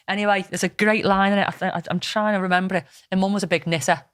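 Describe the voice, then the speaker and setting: A woman's voice: mid-range voice, steady tone, very fast, few pauses, smooth, dry recording, studio quality. A woman, chatting casually as a podcast host and retelling a film plot with plenty of swearing. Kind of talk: casual storytelling chat. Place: podcast studio.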